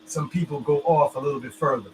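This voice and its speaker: A man's voice: a little high, fast talker, a little mellow, poor audio. Man explaining loosely, faint room hum. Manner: loose, filler-heavy explaining, keeps checking "you understand me?". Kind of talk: casual chat.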